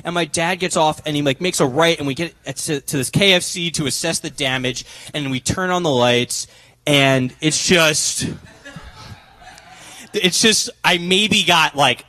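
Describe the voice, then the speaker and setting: A man's voice: a little high, measured pace, sharp tone, no room sound. A young man, a podcast guest, animatedly telling an embarrassing story and quoting his family, laughing as he goes.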